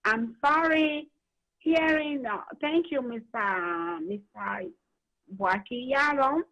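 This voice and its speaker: A woman's voice: high voice, slow, pushed and bright. A woman calling into a radio show, speaking hesitantly and apologetically. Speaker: caller. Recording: muffled phone line.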